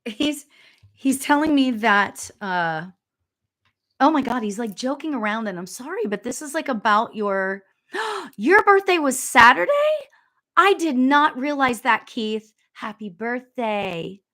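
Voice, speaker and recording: A middle-aged woman giving a live spiritual reading, chatty and giggly, full of fillers and quick asides, sometimes dropping to a whisper. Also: a little high, animated, bright, forceful tone. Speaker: spiritual medium. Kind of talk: live reading, casual chat.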